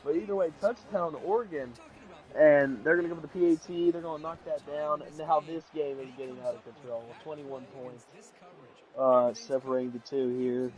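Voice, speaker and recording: A young man casually commentating a football video game, rambling with restarts and sudden excited bursts. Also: fairly high pitch, normal speed, dull audio. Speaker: play-by-play commentator.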